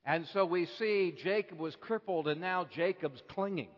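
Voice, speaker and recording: Slow preacher with high voice in reverberant hall. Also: male voice. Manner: builds from hushed to impassioned, slow deliberate phrasing. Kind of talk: sermon. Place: church hall. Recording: dull lo-fi recording with long hall reverb.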